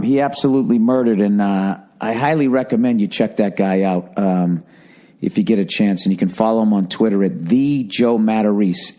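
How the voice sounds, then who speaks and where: A man, hosting a podcast and telling a rambling, profane story in a casual monologue. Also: lowish voice. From Boston area. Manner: profane, rambling, animated when quoting people. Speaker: podcast host.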